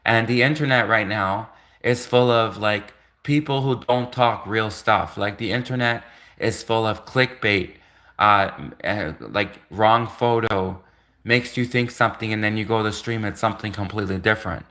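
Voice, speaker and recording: A man's voice: lowish voice, normal speed, sharp tone. A man from Canada hosting a casual livestream, rambling with lots of filler words and restarts.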